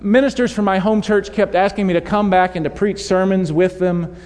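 A young male pastor preaches with animated storytelling, slipping into voices for the quotes he tells. His voice sits high for a man, and the church carries a long reverb behind him. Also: moderate pace. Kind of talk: sermon. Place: church sanctuary.

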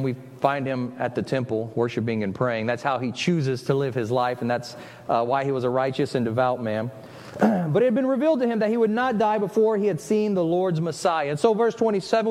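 A male pastor delivers a chatty sermon, his voice sitting fairly high for a man. He interrupts himself often and slips into short acted-out quotes. The sound carries a long, echoing hall reverb. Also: a little mellow. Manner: conversational, self-interrupting, acts out quoted voices.

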